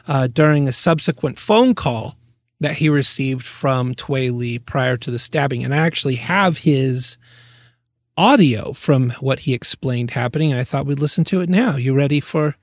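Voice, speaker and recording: A man's voice: mid-range voice, moderate pace, no room sound, studio quality. A man hosting a podcast, recounting a case in casual chat and laughing easily. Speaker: podcast host.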